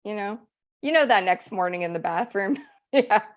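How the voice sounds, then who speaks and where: A woman's voice: mid-range voice, lively intonation, moderate pace, muffled recording. A woman doing a stand-up set, chatty and self-deprecating, often laughing at her own jokes. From Eastern Europe. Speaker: stand-up comic. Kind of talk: stand-up routine.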